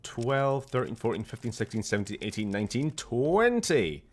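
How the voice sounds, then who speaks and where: A man's voice: mid-range voice, big pitch swings, normal speed. A young Scottish man chatting casually and jokily while streaming a game, swearing now and then.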